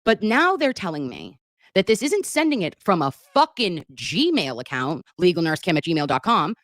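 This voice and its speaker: A woman's voice: fairly low pitch, big pitch swings, moderate pace, fairly bright tone, dry recording, studio quality. A woman commentator ranting in a mocking, sarcastic and profane way. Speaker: online commentator. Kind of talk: sarcastic vlog rant.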